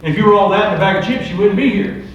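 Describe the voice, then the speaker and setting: Brief: middle-aged male preacher, high voice, repetitive rhetorical style, distant mic in a very echoey room. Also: rapid-fire. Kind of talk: recovery ministry sermon.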